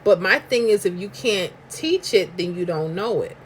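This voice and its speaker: A woman's voice: mid-range voice, animated, normal speed, a little hiss or hum. A woman from New York with a New York accent, hosting a live stream in chatty, emphatic slang while reading viewer comments aloud.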